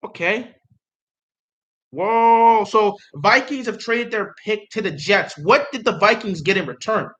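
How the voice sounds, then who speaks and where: A young man livestreaming his reactions, chatting casually and getting excitable, pleading and repeating himself. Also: sits high, measured pace. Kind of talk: casual live reaction chat.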